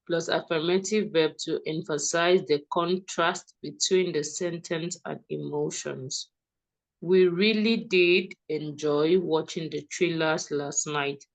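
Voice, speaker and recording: A woman's voice: on the low side, low-quality recording. A woman tutoring English grammar over a video call, explaining patiently and often checking that her student understands. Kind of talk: online one-to-one grammar lesson.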